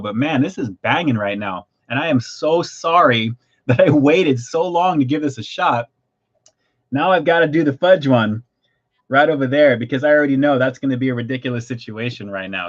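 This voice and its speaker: A man hosting a livestream snack review, chatty and excitable as he tastes and describes food. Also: medium pitch, muffled recording.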